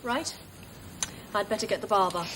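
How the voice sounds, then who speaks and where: An actress playing a hospital nurse who asks questions in a slow, deliberate way. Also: female voice, medium pitch, noisy background, close to an everyday voice. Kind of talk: scripted TV drama acting.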